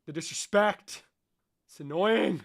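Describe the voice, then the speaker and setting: A man's voice: high-pitched, takes it slowly, gravelly. A young man around twenty, casually chatting on a livestream in a joking, sarcastic way and swearing a lot. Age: young adult.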